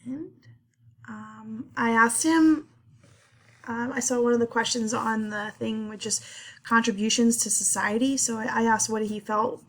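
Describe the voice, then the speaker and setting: A young woman presents her class project in an earnest, halting way. She pauses often with fillers and sounds sincerely moved by what she reports. Her voice sits at an ordinary middle pitch. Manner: halting with many ums, earnest and emotional. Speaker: student presenter. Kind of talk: class presentation reading interview notes.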